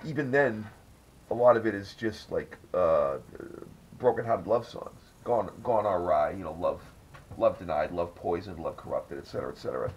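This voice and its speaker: A man's voice: sits low, animated, moderate pace, darkish tone, dull audio, slight background noise. A man hosting a podcast, telling rambling, profane stories in casual chat. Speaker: podcast host.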